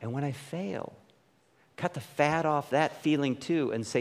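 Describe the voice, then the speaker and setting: A man's voice: fairly high pitch, unhurried, gravelly. A man preaching a conversational sermon. He keeps asking his listeners questions and tags his points with "right?". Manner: casual, questioning, frequent "right?" asides. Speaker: pastor. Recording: long hall reverb.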